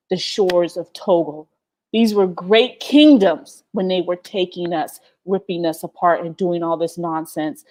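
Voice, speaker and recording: An American livestream host, a teary woman with a lowish, darkish voice, speaks directly to her viewers in emotional talk. She is passionate and swears freely, repeating her lines for emphasis.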